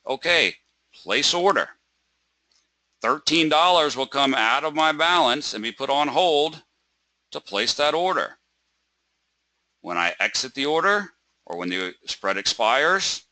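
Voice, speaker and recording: Guy running a trading webinar, super bright sharp voice, keeps asking "right?", dry close sound. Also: mid-range voice, dry recording. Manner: rhetorical questions, frequent "right?" and "okay?" check-ins; dramatizes trader stress with repeated words. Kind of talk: live webinar lesson.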